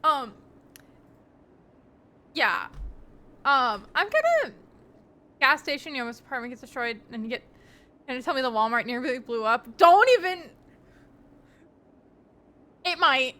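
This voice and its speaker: A woman's voice: high-pitched, sing-song, measured pace, long pauses, bright, forceful tone. A young woman streaming live, chatting casually with her viewers in a rambling, giggly way with lots of ums.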